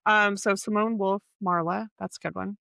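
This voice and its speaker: A woman co-hosts a podcast and chats casually about books, often pausing to hunt for the right word and using lots of fillers. Her medium-pitched voice is gravelly with a steady yet sharp tone, moving at a moderate pace in a dry recording.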